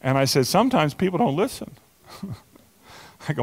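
A man in his sixties, a pastor preaching a sermon, animated and chatty, telling stories with many restarts and asides. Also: on the high side, moderate pace, creaky, breathy edge, in a large hall. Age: 60s.

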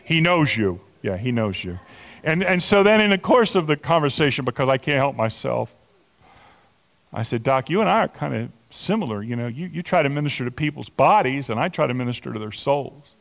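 A man in his sixties, a pastor preaching a sermon, animated and chatty, telling stories with many restarts and asides. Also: medium pitch, fairly quick, gravelly, long reverb tail. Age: 60s.

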